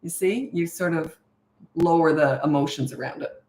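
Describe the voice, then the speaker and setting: A middle-aged woman who coaches parents, answering viewer questions in a breezy, matter-of-fact way and acting out parent lines in a bright sing-song. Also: low voice, moderate pace. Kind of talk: casual Q&A livestream. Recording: echoey room.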